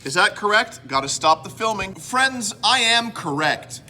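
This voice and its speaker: Bright-toned Canadian man rambling jokily. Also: high-pitched, expressive, unhurried, soft background music. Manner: rambling, self-mocking, jokey. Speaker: host. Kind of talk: casual vlog chat.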